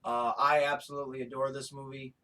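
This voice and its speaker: A man co-hosting a podcast in casual chat, excitable and profane, often breaking into laughter. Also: mid-range voice, fast talker. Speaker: podcast co-host.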